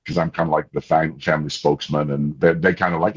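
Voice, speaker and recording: Very deep-voiced man telling stories excitedly. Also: quick pace, few pauses. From Kansas. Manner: excitable, animated storytelling with many restarts. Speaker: interview guest, family spokesman. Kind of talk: casual interview storytelling. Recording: slightly dull lo-fi audio.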